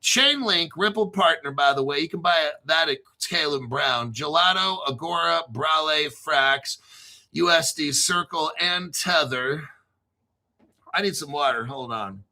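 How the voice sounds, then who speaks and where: Slightly high and expressive, this man speaks a little slowly with a sharp tone. He's hosting a laid-back crypto livestream, chatting with viewers, cursing freely and rambling through long lists of names.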